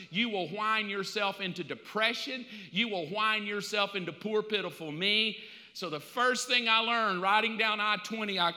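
A middle-aged male pastor preaching a sermon in a casual, animated storytelling way. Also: high voice. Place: church sanctuary. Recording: reverberant church hall.

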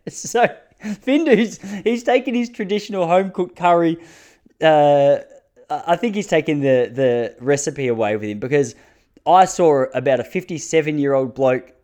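A man in his thirties with an Australian accent tells comic stories in a casual, crude, self-mocking monologue, laughing at his own jokes. His voice sits on the high side, a little mellow, at a normal speed.

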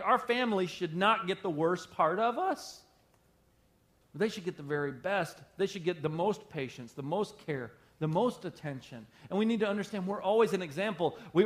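A man in the pulpit delivering an emphatic sermon, his voice sitting a little higher than most men's. He repeats his key phrases and pushes the congregation to answer back, keeping the tone pastoral and direct. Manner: emphatic preaching with repetition and call-and-response.

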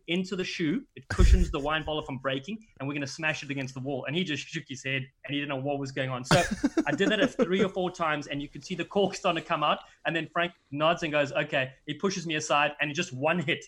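A middle-aged man from Africa, a rugby commentator telling stories in casual chat with lots of restarts. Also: a little high. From South Africa. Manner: animated storyteller with many restarts.

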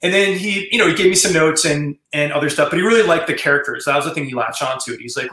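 Male screenwriter guest, casual rambling storyteller, slightly high voice, roomy sound. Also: quick pace, few pauses, pushed and bright. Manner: rambling, many fillers and restarts.

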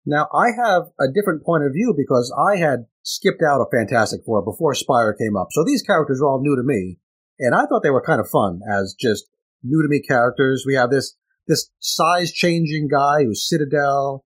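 A man co-hosting a comic book podcast, talking in a measured, explanatory way. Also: medium pitch, animated, husky. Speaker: podcast co-host. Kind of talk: casual comic book review chat.

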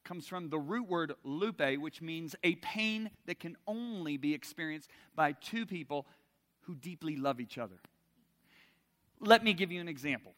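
A middle-aged man preaching a sermon, swinging from loud emphasis to soft intimacy and asking the audience direct questions. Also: a little high, expressive, unhurried, big-room sound.

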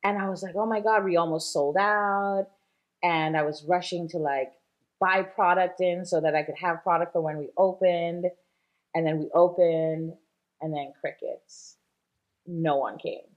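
Woman guest chatting about her shop, lowish voice, lots of likes and ums, kinda muffled audio. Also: fairly even intonation, a little mellow. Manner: chatty, quick to laugh, many fillers. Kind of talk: casual interview.

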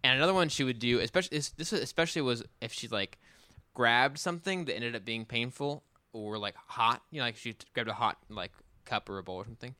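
A man with a bright, crisp voice talks through family stories in a relaxed, casual way. He loses and restarts his thread with easy fillers. The recording is close and dry. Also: medium pitch, quick pace, hardly any pauses, no room sound. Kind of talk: casual chat.

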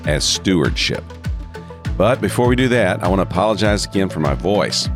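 Deep gravelly man, measured podcast teaching. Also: animated, over music. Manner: measured, emphatic, repeats key phrases slowly. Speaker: podcast host and seminary president. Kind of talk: scripted ministry teaching podcast.

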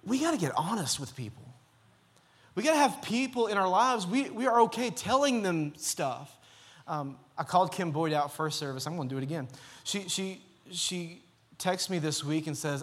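Male pastor, fairly high voice, earnest, repetitive and urging. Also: animated, a little fast, fairly bright tone. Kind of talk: sermon. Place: church.

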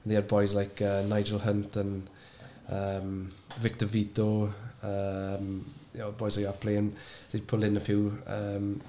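A man, a former sevens player and guest on the show, recalling a tournament in a rambling way full of fillers, brightening at the high points. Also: monotone, unhurried, hardly any pauses, slight background noise. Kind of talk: casual interview recollection.

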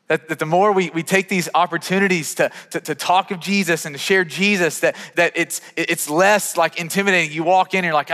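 A man's voice: medium pitch, fairly bright tone, in a large hall. A male pastor preaching a sermon in a conversational way, often repeating words as he starts sentences.

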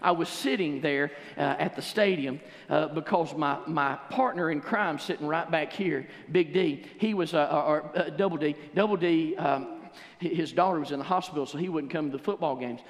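A male pastor preaching a sermon in a church, telling stories in an animated way and breaking into exuberant shouts. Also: a little high, normal speed. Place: church sanctuary. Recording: long church hall reverb.

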